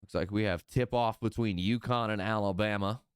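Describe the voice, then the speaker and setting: Upbeat guy calling draft picks on a stream, smooth resonant voice, super dry. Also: on the low side, normal speed, dry recording. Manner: relaxed, upbeat announcing. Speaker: draft host. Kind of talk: live-stream draft commentary.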